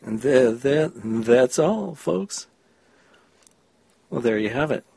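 A man's voice: medium pitch, animated, slow pace, creaky, mellow, slightly rough, dry recording. A man recording himself on a phone, reading his short story after a chatty intro. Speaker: story contributor.

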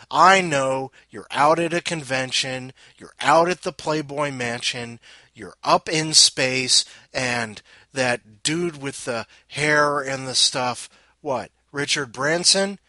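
A man hosting a podcast, tired and sarcastic, swinging from loud outbursts to muttering. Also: medium pitch, lively intonation, takes it slowly, no echo. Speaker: podcast host. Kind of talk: casual rant.

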